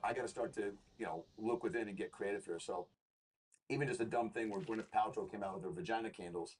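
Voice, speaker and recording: A man's voice: on the low side, fast talker, husky. Profane, rambling male comedian. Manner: rambling, profane, animated storyteller. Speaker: guest comedian and actor. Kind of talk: casual interview storytelling.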